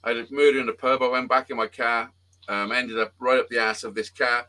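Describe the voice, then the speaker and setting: As host of a casual live-stream chat, a man with a mid-range voice tells a rambling story a little fast. He swears a lot and animates the telling by acting out quotes.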